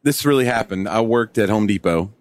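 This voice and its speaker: A man's voice: lowish voice, lively intonation, brisk. A man as a podcast guest, talking carefully around a sore under his tongue, with short, apprehensive replies. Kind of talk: casual podcast chat. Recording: noisy recording.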